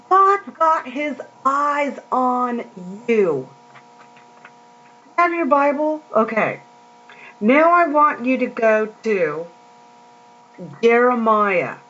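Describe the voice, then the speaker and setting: A woman preaching in a casual, chatty way, her voice set a little high and her words unhurried and stretched out. The recording is dull and lo-fi, with a steady mains hum underneath. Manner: slow, drawn-out scripture reading with chatty asides. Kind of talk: casual sermon.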